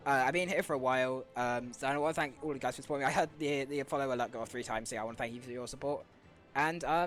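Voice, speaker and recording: A man's voice: medium pitch, a bit bright, soft background music. A man commentating his own speedrun live, eager and full of fillers, out of breath with a sore throat. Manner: fast, eager, with frequent fillers.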